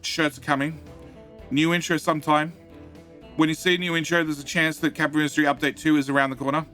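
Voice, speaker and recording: A man's voice: a little high, level tone, fast talker, bright, forceful tone, faint music behind. A middle-aged man from Australia with a light Australian accent, chatting casually and self-mockingly on a game live stream, answering chat with many fillers and restarts. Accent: Australian, though light. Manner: rambling, self-mocking, reads chat aloud.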